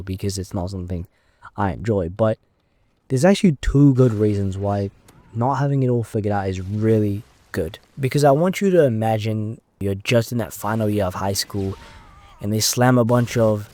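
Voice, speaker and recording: This twenty-something YouTuber has a lowish, mellow voice and records from inside his car. His monologue is unscripted and rambling, as though he's thinking aloud.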